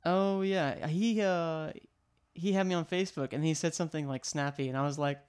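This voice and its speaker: A man's voice: on the high side, fairly even intonation, normal speed, darkish tone, clean tone. A man from Louisiana hosting a casual livestream, joking and laughing often as he chats with a guest. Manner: jokey, laughs often, playful banter. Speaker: livestream host.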